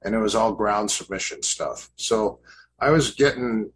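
A man's voice: on the low side, unhurried, a little hiss or hum, low-quality recording. A man in his fifties, a podcast guest, casually telling stories about his past training, rambling with fillers and restarts. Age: 50s. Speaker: podcast guest, grappling coach. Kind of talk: casual interview storytelling.

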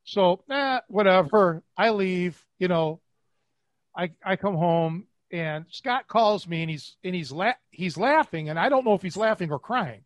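This Cleveland podcast host, a middle-aged catch wrestling coach, has a high voice with lively intonation and an unhurried pace. Chatting casually on his show, he wanders through stories, often restarting and using fillers. There's no echo on the recording.

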